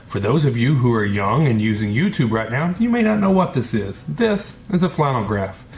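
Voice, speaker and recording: Candid, rambling youth minister man. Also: medium pitch. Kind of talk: casual vlog reflection.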